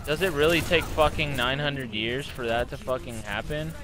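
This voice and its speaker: A young man giving gameplay commentary, cursing constantly and breaking into angry, frustrated outbursts. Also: medium pitch. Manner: profane, quick to rage, frustrated outbursts. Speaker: gaming channel host.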